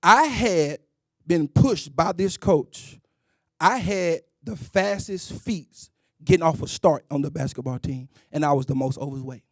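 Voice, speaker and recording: A man's voice: on the high side, unhurried, no echo, studio quality. A middle-aged man preaching a sermon, emphatic and sing-song, calling out exclamations.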